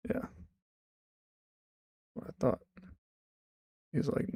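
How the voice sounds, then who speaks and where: A man streaming and chatting casually, rambling with restarts and trailing off into quiet mumbles. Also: mid-range voice, fairly even intonation, moderate pace, gravelly, pauses often, no room sound, clean studio sound. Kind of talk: casual livestream chat.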